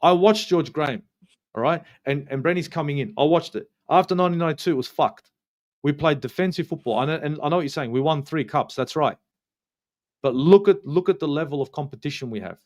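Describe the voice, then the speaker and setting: A man's voice: fairly high pitch, fairly quick, a little mellow. A man with an Australian accent hosting a heated football fan review, ranting, swearing often and repeating himself for emphasis. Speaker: football channel host.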